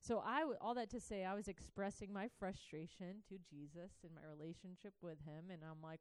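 A woman's voice: fairly low pitch, fairly even intonation, fairly quick, few pauses, clear, resonant tone, dry recording, poor audio. Earnest woman sharing a personal testimony. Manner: conversational, earnest, many fillers like "like" and "you know".

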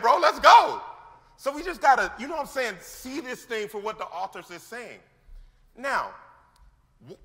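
A male pastor preaches in a high, bright, forceful voice. He talks in lively, slangy bursts and acts out the scenes he describes. His words ring out with the long reverb of a large church hall. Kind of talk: sermon.

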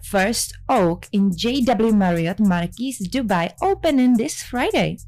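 A woman's voice: medium pitch, lively intonation, unhurried, darkish tone. A woman co-hosting a casual radio segment, chiming in with catchphrases and reading out parts of the list. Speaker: radio co-host.

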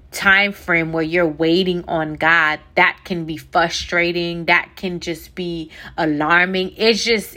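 A young woman with a drawl hosts a faith podcast. Her voice sits a little low, and she moves between casual chat and preaching, speaking straight to her listeners. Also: a bit bright. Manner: chatty, preachy, addresses listeners as y'all. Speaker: podcast host. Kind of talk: faith-based podcast monologue.

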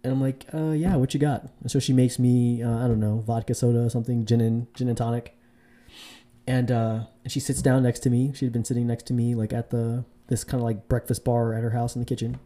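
Fast-talking and dark-toned, with a level tone, this male vlogger gives dating advice by casually telling a dating story to camera. He rambles through fillers and restarts and imitates women in a high voice.

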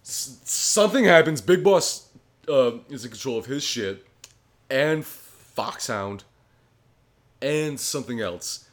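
A man co-hosting a podcast, with a low voice, recapping a story in a rambling, profane casual chat. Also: expressive, slow. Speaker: podcast co-host.

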